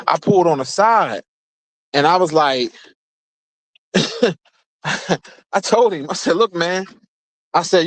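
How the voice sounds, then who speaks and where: A man's voice: fairly high pitch, expressive, slow pace, pauses often, no room sound. A young man rambling to his viewers in a car, cursing freely and talking straight to them between stretches of driving. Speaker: streamer. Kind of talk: casual rambling chat while driving.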